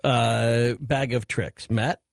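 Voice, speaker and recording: A man hosting a late-night call-in radio talk show, chatty and quick to jump in. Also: mid-range voice, gravelly, no room sound, studio quality. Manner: relaxed, chatty, quick to interject. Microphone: studio microphone.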